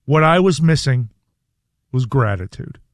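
A man co-hosting a radio talk show, delivering a reflective, earnest commentary in a measured way. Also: medium pitch, expressive, no room sound, studio quality.

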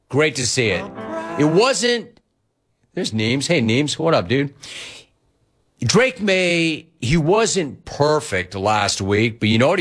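A man hosts a sports talk radio show, ranting and riffing with a lively, swooping delivery. His voice sits a touch high for a man, and he keeps slipping into mock voices of the people he quotes. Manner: animated, ranting, quoting others in mock voices.

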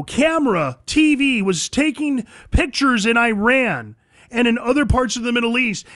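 A man's voice: very high-pitched, a bit bright, dry recording. A man hosting a call-in radio show, talking emphatically and combatively and addressing listeners directly from a studio mic. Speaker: radio talk show host. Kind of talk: call-in talk radio monologue.

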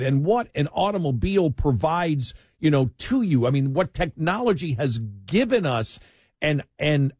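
Husky rambling male radio host. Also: a little high, darkish tone, no room sound, clean studio sound. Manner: rambling, repeats words, laughs between thoughts. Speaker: radio talk show host. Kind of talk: casual talk radio banter.

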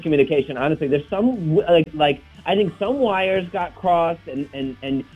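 A man's voice: on the high side, brisk, soft background music. A man calling in, stammering and flustered as he explains himself over the phone. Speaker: caller. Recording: tinny phone line.

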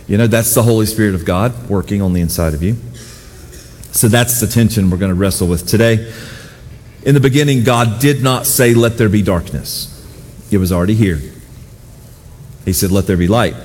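A middle-aged man preaching a sermon as pastor, telling personal stories with self-deprecating humor and animated voices for the people he quotes. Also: on the low side, moderate pace, long pauses, in a large hall, slight background noise.

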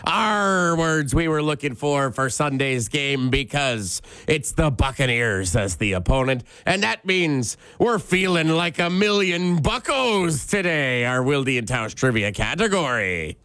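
A man's voice: fairly high pitch, animated, measured pace, few pauses, bright, forceful tone, no echo. A man working as a sports radio producer, chiming in with brief, matter-of-fact replies. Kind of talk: casual sports radio banter. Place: radio studio.

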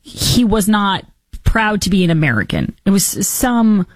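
Female host, mid-pitched, biting sarcastic delivery, dead-dry booth sound. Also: measured pace, no echo. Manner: sarcastic, mocking, animated. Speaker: political commentary host. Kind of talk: opinionated political commentary.

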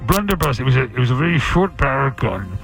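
A man's voice: medium pitch, sing-song, quick pace, vocal fry, a bit bright, faint music behind. A man co-hosting a radio show, trading dry, mock-exasperated jokes. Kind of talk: joking radio banter.

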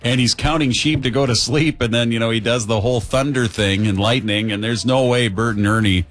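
A man's voice: mid-range voice, steady tone, a little fast, a bit bright, faint music behind. A man hosting a radio show, bantering easily and reading sponsor spots. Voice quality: jokey, easygoing. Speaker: radio host. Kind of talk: morning radio banter with ad reads.

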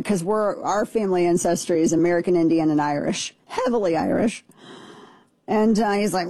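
A woman in her forties with a Southern Missouri accent, co-hosting a talk show and telling family stories in a chatty, animated way. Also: on the low side, moderate pace, no echo. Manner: chatty storyteller, animated and laughing. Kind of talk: casual chat.

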